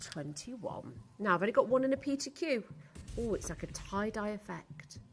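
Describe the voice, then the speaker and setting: A woman's voice: mid-range voice, animated, moderate pace, slight background noise. A woman presenting on a live shopping channel, chatty, giggly and enthusiastic as she sells jewellery.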